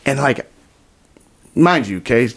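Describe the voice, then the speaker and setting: A man from Utah, a podcast guest, telling a personal story in a casual, animated way, acting out quoted dialogue. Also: mid-range voice, a little slow, husky. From Utah, United States.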